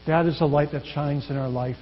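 Pastor guy preaching, kinda husky, slightly high voice, long echo off a church hall. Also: steady tone. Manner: earnest, measured preaching with trailing soft endings. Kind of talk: sermon. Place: church sanctuary. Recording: dull echoey church hall.

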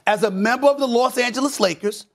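A middle-aged man delivers heated, emphatic sports commentary at a fast clip. He repeats phrases and swings between low mutters and shouts.

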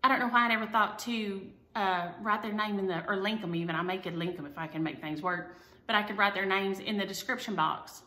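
Chatty woman, bright echoey voice. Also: mid-range voice, a little fast. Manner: rambling, chatty, self-deprecating. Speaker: cross-stitch vlogger. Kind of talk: casual chat to viewers. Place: at home. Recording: echoey room.

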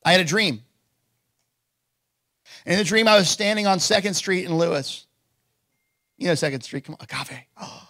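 A man's voice: high-pitched, moderate pace, long pauses, fairly bright tone, no echo. A man preaching a sermon as pastor, telling stories casually with lots of fillers and building to emphatic declarations. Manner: casual storytelling with many fillers.

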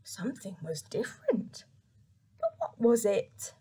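A young woman reading a picture book aloud to children, soft and expressive, with whispered asides. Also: mid-range voice, unhurried, slightly rough. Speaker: children's story reader.

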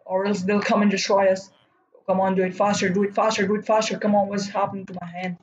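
A man giving live commentary while streaming a game, urging himself on and breaking into loud whoa and no cries. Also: high voice, little pitch movement, fast talker, roomy sound, dull audio. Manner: talks to himself and urges teammates on. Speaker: gaming streamer.

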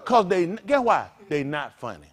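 A man's voice: high voice, very animated, moderate pace. A man preaching a casual, conversational sermon as pastor, colloquial and full of rhetorical questions.

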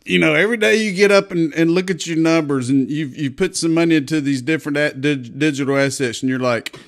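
A man's voice: a little high, fairly quick. A man in his fifties from Texas, hosting a casual crypto commentary video in a blunt, profane, talkative way. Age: 50s. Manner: blunt, profane, chatty with swings of loudness. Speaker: crypto show host.

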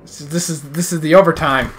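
Brief: male gamer, high and bright, excitable trash-talking commentary. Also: fast, faint music behind. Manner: excitable, jokey trash talk. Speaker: video game player. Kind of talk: casual gameplay commentary.

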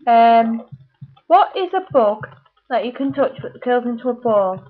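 A British woman with a fairly high voice reads out a word list one word at a time, then chats through her answers. The sound is thin and tinny, like a phone line. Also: animated, measured pace. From United Kingdom. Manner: chatty, reads words one by one. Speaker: vlogger.

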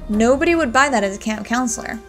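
A woman voicing a dry-witted woman detective in a game, with deadpan, sarcastic lines. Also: on the high side, fast, faint music behind.

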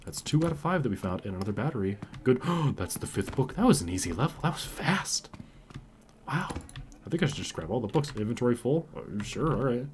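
A man doing let's-play commentary on a horror game. He talks to viewers in a hush, swears, and yells in panic. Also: medium pitch, sing-song, fast, few pauses, noisy background. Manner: hushed and careful, then yelling in panic. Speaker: gaming video creator. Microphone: desk mic.

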